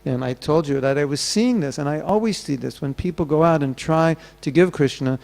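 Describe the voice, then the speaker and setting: This temple sermon comes from a man with a slightly high, darkish voice and vocal fry, speaking fairly quickly. He tells stories, giving voice to the people in them.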